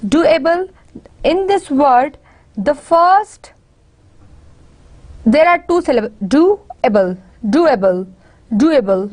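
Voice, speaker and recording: A high-pitched woman lecturing at an unhurried pace. She says example words over and over to model their stress. She pauses often and restarts her sentences. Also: darkish tone. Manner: repeats words slowly to model stress, many fillers and restarts. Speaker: university lecturer. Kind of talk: slow classroom lecture.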